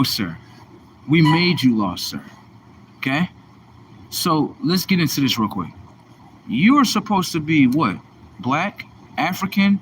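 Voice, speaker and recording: A man with a somewhat high-pitched voice delivers a livestream rant. He talks in a combative, mocking, preachy way, full of profanity and taunts aimed at his listeners. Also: slight background noise. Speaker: livestream host.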